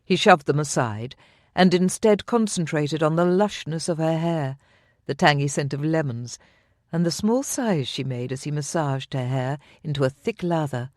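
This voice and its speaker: An audiobook narrator reading scripted romance narration in a measured, intimate manner into a close studio mic. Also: mid-range voice, a little mellow, no echo.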